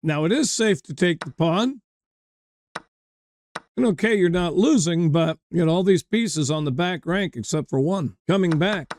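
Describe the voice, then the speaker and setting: A man's voice: sits high, animated, unhurried, a little mellow, no room sound, clean studio sound. A man coaching chess, calling out moves and drifting into chatty stories while talking to his viewers. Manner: chatty, digresses into anecdotes, addresses viewers. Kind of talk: chess game commentary lesson.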